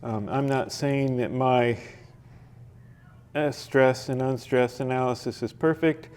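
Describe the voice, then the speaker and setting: A man leads a poetry workshop in a library room, speaking at an unhurried, slow pace. He hesitates and restarts often, with plenty of fillers, and reads verse aloud carefully, leaning on each stressed syllable. His voice sits at an ordinary, middle pitch. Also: fairly even intonation, darkish tone, clear, resonant tone. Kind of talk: classroom teaching and reading poems aloud.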